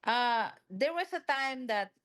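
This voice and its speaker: Halting, reassuring woman on a video call. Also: a little high, animated, fairly bright tone, clean tone. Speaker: local office leader answering questions. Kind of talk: casual explanation on a call. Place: small office kitchen.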